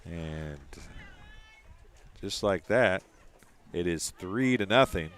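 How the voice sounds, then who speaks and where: A man doing casual live play-by-play commentary, chatty and quick to laugh between calls. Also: deep voice, lively intonation, a bit bright, smooth.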